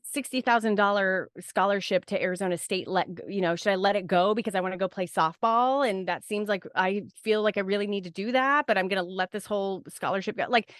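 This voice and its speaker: A woman's voice: mid-range voice, a little fast, few pauses, fairly bright tone, no echo, studio quality. A woman speaking as a podcast guest, talking in a casual, reflective, rambling way full of "like" and "right?". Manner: rambling, restarts, frequent "like" and "right?". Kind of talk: casual reflective interview talk.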